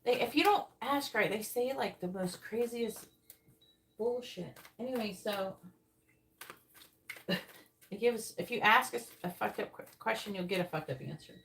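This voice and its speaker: A woman's voice: medium pitch, expressive, unhurried, creaky, pauses often, a bit bright, slight background noise, rough recording. A woman doing a live-stream tarot reading, talking bluntly and swearing often as she explains how to word questions. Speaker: psychic tarot reader.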